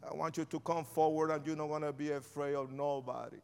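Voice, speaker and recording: A man preaches an altar-call sermon in a large church, his voice pitched a little high and ringing with resonance. He swings from shouted declarations to hushed, pleading lines. Each phrase trails into the long reverb of a big hall. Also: fairly even intonation, fairly quick, gravelly, clear, resonant tone.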